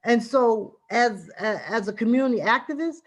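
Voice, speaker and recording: A woman's voice: fairly high pitch, animated, normal speed. A middle-aged woman, a community activist giving impassioned, emphatic testimony at a city hearing over a video call. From Boston, Massachusetts.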